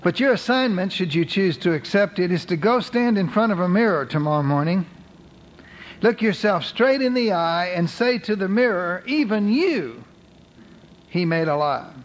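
A man preaching a sermon as pastor, reading scripture slowly and with emphasis. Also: sits high, low-quality recording.

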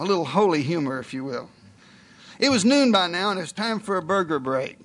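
A man's voice: on the high side, fairly bright tone. A male preacher giving a sermon in a folksy, joking storytelling manner.

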